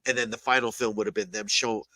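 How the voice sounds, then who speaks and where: A man with a bright, forceful voice chats casually on a podcast, recorded close and dry. He talks animatedly and swears now and then. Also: lowish voice, fast talker, dry recording, rough recording. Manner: animated, swearing, acts out quotes. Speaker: podcast co-host. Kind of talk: casual chat.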